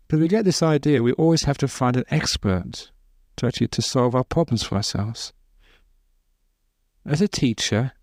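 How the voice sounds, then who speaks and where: A man, a Buddhist monk, giving an informal dharma talk, telling stories with gentle humor and chuckling at his own jokes. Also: a little high, dry recording, studio quality. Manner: conversational storytelling, with restarts. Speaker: Buddhist monk teaching meditation.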